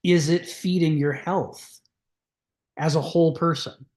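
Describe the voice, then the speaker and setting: A man's voice: on the high side, steady tone, a little slow, darkish tone, roomy sound. A man leading a group discussion, reading from a philosophy book and commenting on it in a discursive way, with many restarts. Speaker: discussion leader.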